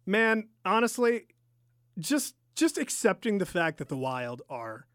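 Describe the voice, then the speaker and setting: A man's voice: sits high, big pitch swings, a little slow, a bit bright, no room sound, clean studio sound. Bantering man on a podcast. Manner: joking, teasing banter. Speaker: podcast co-host. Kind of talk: casual hockey podcast chat. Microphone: studio mic.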